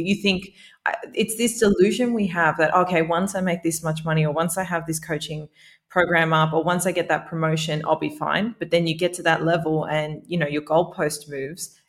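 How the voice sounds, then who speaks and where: Podcast host, woman, low and gravelly, musing and hesitant. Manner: thoughtful, rambling, hesitant. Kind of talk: casual podcast interview.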